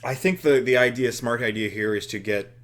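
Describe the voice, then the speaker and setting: A man's voice: mid-range voice, a little fast, fairly bright tone. A man co-hosting a casual game session, thinking aloud with fillers and jokes. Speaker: co-host. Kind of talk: casual chat while playing a booking game.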